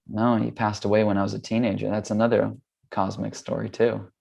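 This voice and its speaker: A man's voice: fairly low pitch, flat delivery, brisk, vocal fry, a little mellow. A man from the United States, a yoga teacher, telling a personal story in a candid, casual way with loose fillers.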